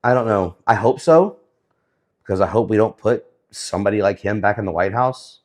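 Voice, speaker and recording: A man giving casual, sarcastic commentary on the week's news, often pausing with fillers. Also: fairly low pitch. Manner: sarcastic, hesitant with many fillers.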